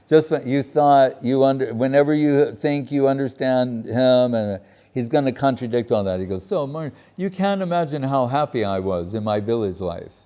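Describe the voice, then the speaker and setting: Mellow-voiced man telling a story. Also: medium pitch, moderate pace. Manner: animated storytelling, quotes others in raised voice, laughs often. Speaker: spiritual speaker. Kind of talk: storytelling talk.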